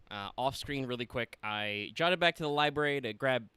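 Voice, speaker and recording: A man's voice: medium pitch, expressive, normal speed, few pauses, pushed and bright, smooth, no echo. A young man streaming a video game, chatting casually with his viewers and swearing now and then. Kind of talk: casual livestream gaming chat.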